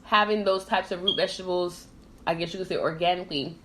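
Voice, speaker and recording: A woman who grew up in Trinidad chats casually on a podcast while eating. Her voice sits a little low, and she laughs easily and talks with her mouth full. Faint hiss runs under the recording. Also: quick pace, a bit bright. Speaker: podcast host.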